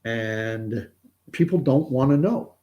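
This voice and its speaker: A man's voice: medium pitch, expressive, slow, highs cut off. A middle-aged man from Canada, hosting casual commentary in a rambling way with many restarts and repeated words. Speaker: host.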